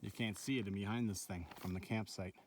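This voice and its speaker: Low-voiced man chatting on a trail. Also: fairly even intonation, a little fast, a little mellow, slight background noise. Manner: chatty and rambling, often asks "right?". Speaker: solo backpacker filming his trip. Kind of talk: casual vlog narration while hiking. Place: outdoors on a backcountry trail. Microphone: handheld phone.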